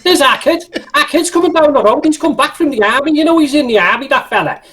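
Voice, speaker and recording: A man voicing a brash Scouse tank crewman who shouts orders and curses cheekily. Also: extremely high pitch, expressive, quick pace, pitched above the performer's own voice. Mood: chatty.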